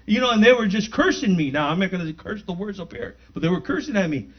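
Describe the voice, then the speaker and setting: A man giving a spoken testimony in church, animated and acting out the dialogue as he tells it. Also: high voice, quick pace. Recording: dull lo-fi recording.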